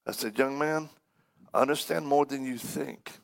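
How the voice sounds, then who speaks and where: A man's voice: mid-range voice, moderate pace, vocal fry. A man preaching to a church congregation, telling a story with humor and acting out the people in it. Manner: animated, acts out the people in his stories. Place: church service before a congregation.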